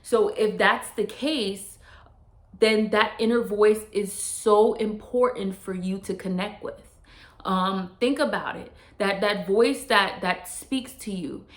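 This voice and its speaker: A woman talks earnestly to her viewers, circling back over her phrases and slipping into casual slang. Her voice sits at an ordinary middle pitch, and the room around her adds a noticeable echo. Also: slow. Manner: earnest, repeats and restarts phrases, speaks straight to the viewer. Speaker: vlogger giving life advice. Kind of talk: casual motivational talk to camera. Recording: roomy echo.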